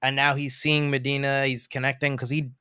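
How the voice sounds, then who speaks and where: Bright-voiced man chatting about a film. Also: mid-range voice, smooth, no echo, studio quality. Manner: animated, acts out movie lines in quick impressions. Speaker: podcast co-host. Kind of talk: casual film review chat.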